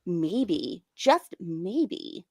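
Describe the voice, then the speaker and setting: A woman's voice: lowish voice, sing-song, drawn-out words, dark tone, no room sound, clean studio sound. A woman hosting a live stream, reacting to clips and chatting with viewers in a drawling, sarcastic way. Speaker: stream host. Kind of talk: casual live-stream commentary.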